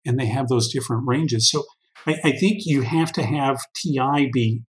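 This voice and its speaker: A man's voice: medium pitch, normal speed, poor audio. Man giving long, thoughtful interview answers. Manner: thoughtful, long-winded, many restarts and fillers. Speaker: guest expert on workforce intelligence.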